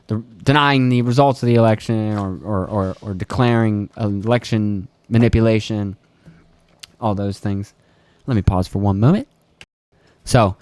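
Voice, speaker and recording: A man's voice: medium pitch, darkish tone, no room sound. Profane rambling man, dry sound. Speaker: podcast host. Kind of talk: casual solo podcast rant.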